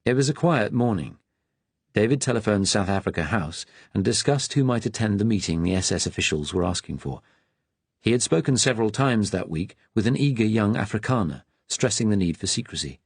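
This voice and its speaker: A man reading an audiobook in a measured, even narrating manner. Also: lowish voice, slightly rough, no echo.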